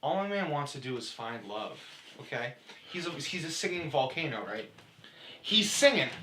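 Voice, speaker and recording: Excitable young man, bright echoey voice. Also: medium pitch, moderate pace. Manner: excitable storyteller. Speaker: podcast co-host. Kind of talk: casual chat. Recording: echoey room, faint noise.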